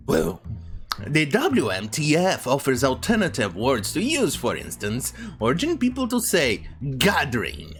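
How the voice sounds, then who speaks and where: A woman's voice: extremely low pitch, wildly swooping pitch, measured pace, soft background music. A woman giving ranting news commentary, sarcastic and profane, who mocks words by repeating them. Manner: sarcastic and profane, with mocking repetition. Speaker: online commentator.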